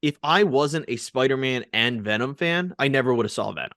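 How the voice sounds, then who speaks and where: A podcast co-host talks in an emphatic, casual way, swearing freely as he chats. His medium-pitched voice is fairly bright with lively intonation and a slightly fast pace, recorded with clean studio sound and no room sound.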